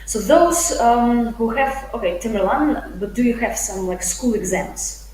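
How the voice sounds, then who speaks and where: A woman's voice: a little high, measured pace, darkish tone. Upbeat chatty woman teaching live. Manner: chatty, upbeat, full of fillers, reads viewer comments aloud. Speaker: IELTS teacher. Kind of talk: live-streamed English lesson. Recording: echoey room with faint hum.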